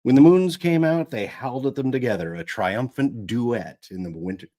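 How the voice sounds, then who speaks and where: A man's voice: mid-range voice, normal speed, dark tone. A man narrating an audiobook live, going back over lines when he stumbles. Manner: rereads lines after stumbles. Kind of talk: reading an audiobook aloud.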